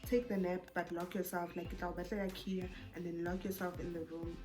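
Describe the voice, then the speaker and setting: A young woman giving voice to a protective young man who speaks calmly and plainly. He gives practical advice in a low, quiet, reassuring tone. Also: brisk, far from the mic, music in the background, lightly acted.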